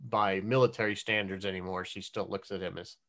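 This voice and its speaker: A man's voice: low-pitched, steady tone, fairly quick, creaky, bright, forceful tone. A man guest co-hosting a podcast, telling stories in a rambling, filler-heavy way. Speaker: guest co-host. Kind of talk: casual chat.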